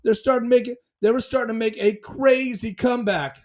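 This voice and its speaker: Male fan podcast host, very high voice; dramatic, excitable, repeats himself. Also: brisk.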